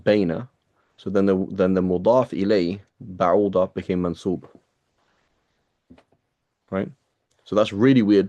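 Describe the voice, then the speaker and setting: Fast-talking, chatty male teacher, dark voice. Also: low-pitched. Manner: chatty, rambling, asks students rhetorical questions. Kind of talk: casual classroom reading and explanation.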